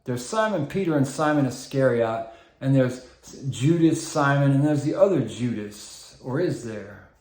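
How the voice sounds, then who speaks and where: A man's voice: medium pitch, lively intonation, unhurried, darkish tone. Rambling man in an echoey room. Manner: meandering, full of filler ums and tangents. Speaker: vlogger. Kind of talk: rambling monologue to camera.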